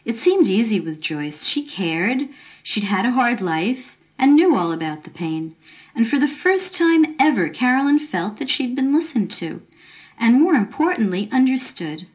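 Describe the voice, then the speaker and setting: A woman narrating a short story in a measured, expressive reading. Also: a little high.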